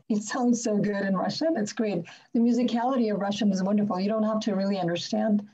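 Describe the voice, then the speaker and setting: A woman poet hosts a casual reading over a video call, her tone dark and mellow. She chats, laughs, and repeats words as she goes. The sound is muffled and lo-fi. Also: medium pitch, fairly even intonation, moderate pace. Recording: dull lo-fi video call audio.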